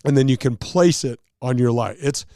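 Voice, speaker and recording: A man's voice: medium pitch, normal speed, warm tone, no room sound, clean studio sound. A man, a touring golf pro, explaining rules and telling stories in a casual chat, acting out quotes and laughing at himself.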